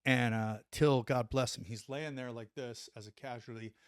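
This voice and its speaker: A middle-aged man and former soldier telling a story on a podcast, animated, acting out what people said and saying "like" often. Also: mid-range voice, normal speed, clear, resonant tone, no echo, studio quality. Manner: animated, acts out quotes, says "like" a lot. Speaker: podcast guest, former Army Ranger. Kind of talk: casual storytelling.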